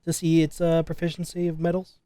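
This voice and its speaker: Male player, higher pitch, halting rambling delivery, dry close mic. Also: completely flat delivery, mellow, no echo, soft background music. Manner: hesitant, repeats words, rambling. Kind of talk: casual chat at a game table.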